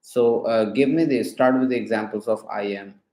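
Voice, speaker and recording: A man's voice: lowish voice, normal speed, a little mellow, reverberant. A man talking as a student, hesitant and full of fillers, asking the tutor for more practice. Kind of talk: halting spoken requests.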